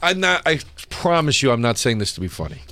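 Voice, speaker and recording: A man guesting on a comedy podcast, talking in excitable, profane, rambling casual chat. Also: medium pitch, brisk, smooth, no room sound.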